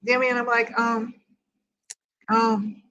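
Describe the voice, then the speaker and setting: A woman's voice: fairly high pitch, level tone, slow, pushed and bright, highs cut off. An older woman hosting a grief group, telling a personal story in a rambling way and quoting each conversation word for word. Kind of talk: personal storytelling in casual chat.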